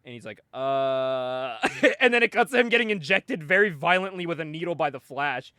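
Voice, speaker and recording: A young man co-hosting a casual podcast, retelling a comic book story with lively voices for the characters and frequent laughs. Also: sits high, fast talker, dry recording, clean studio sound. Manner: animated retelling, acting out characters' lines with laughs. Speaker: podcast co-host.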